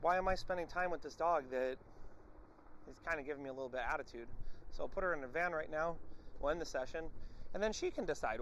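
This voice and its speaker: A man with a slightly high voice, teaching viewers about dog training as he works a dog outdoors. He breaks off his explanations to bark short, firm commands, then turns back to speak to the audience as "folks". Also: fast talker, a bit bright, a little hiss or hum. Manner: addresses viewers directly as folks. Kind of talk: instructional commentary while training a dog.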